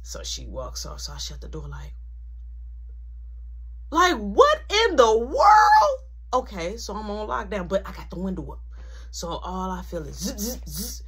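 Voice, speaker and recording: Woman vlogger, storytime, husky voice, animated, slips into whispers. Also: lowish voice, brisk. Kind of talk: storytime vlog.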